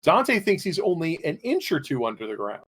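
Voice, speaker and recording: A man's voice: fairly high pitch, moderate pace, slightly rough. A man playing a tabletop role-playing game, asking pointed questions. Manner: questioning, animated. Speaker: player.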